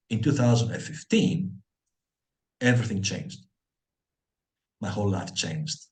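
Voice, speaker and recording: A middle-aged man from Greece, a guest on an interview podcast, telling his life story with lots of fillers and acted-out dialogue. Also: sits low. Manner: animated storyteller acting out dialogue, many fillers.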